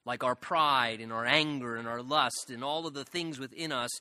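A man's voice: mid-range voice, normal speed, bright, forceful tone, no echo. A man pastor preaching a sermon in a church, earnest and emphatic, voicing prayers with rising intensity. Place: church sanctuary.

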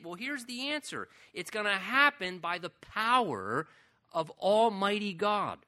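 Bright-voiced male pastor preaching emphatically. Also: sits high, sing-song, measured pace. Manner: emphatic preaching, swelling on key phrases. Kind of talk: sermon.

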